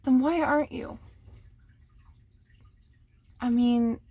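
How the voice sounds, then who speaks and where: Slow, gravelly-voiced woman crafting at home. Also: on the high side, no room sound. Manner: chatty and self-mocking, drops to a hush while working. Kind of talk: casual crafting vlog. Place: home workspace.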